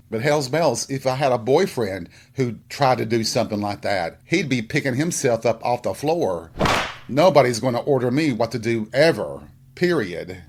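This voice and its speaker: A man hosting a casual solo podcast, telling stories in a sassy, blunt, profane way. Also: medium pitch. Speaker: podcast host.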